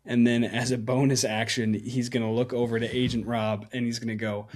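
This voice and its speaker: A man playing a tabletop game, animated and jokey as he narrates his character's turn and talks through the rules. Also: medium pitch, brisk. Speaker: player.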